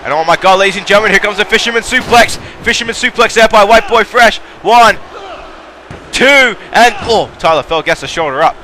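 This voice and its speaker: A man giving excitable play-by-play commentary on a wrestling match, calling out moves, shouting at the big spots and drifting into rambling asides to the audience. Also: high-pitched, fast talker, hardly any pauses, slight background noise.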